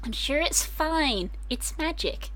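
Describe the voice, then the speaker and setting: A woman's voice: sits high, expressive, slow pace, a bit bright, low-quality recording. A woman playing a tabletop role-playing game, talking in character with a giggly, affectionate manner. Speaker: player.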